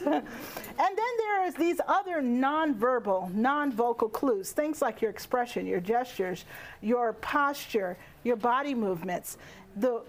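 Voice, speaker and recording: A woman teaching public speaking to a live audience, animated and playful, laughing often and speaking into a handheld microphone in a lecture room. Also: fairly high pitch, slight background noise. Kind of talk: lively workshop lecture.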